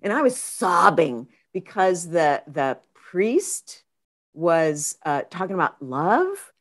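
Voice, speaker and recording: A woman therapist and author, a guest on a podcast, telling stories in a casual, expressive way and acting out her own inner voice. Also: fairly low pitch, slow pace.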